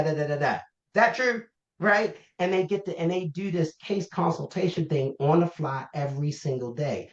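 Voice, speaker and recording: A man with a fairly high, gravelly voice is interviewed as the founder of a health organization. The Baltimore native tells animated stories in a conversational way and acts out the voices of the people in them. The recording sounds roomy, dull and lo-fi.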